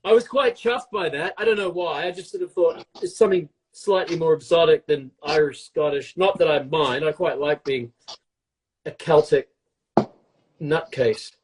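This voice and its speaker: A man's voice: on the high side, moderate pace, a little hiss or hum. A middle-aged man chatting casually and joking on a live stream as he bakes along. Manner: playful, rambling, jokes and teases. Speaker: co-host baking along.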